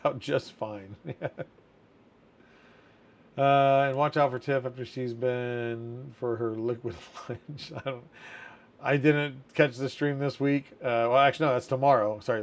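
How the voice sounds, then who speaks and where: A man in his thirties hosting a casual livestream chat, reading viewer comments aloud and laughing often. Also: medium pitch. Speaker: community manager hosting a livestream.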